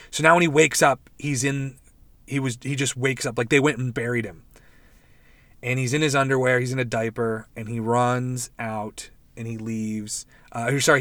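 A young man hosting a casual podcast, excitedly recapping and reviewing a show in a rambling, profane way. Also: mid-range voice, no echo. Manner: rambling, profane, animated retelling with quoted voices. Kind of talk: casual chat.

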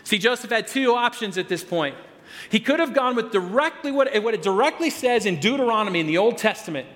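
A man's voice: high-pitched, animated, a little fast, fairly bright tone, in a large hall. A man preaching a sermon as pastor, talking conversationally, restarting and repeating words and stressing key phrases.

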